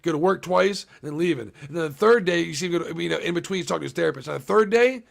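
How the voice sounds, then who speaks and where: A man's voice: a little high, very fast, vocal fry. A young man recapping a movie on a casual live stream, rambling and swearing often and talking to his chat. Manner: profane, rambling, talks to chat.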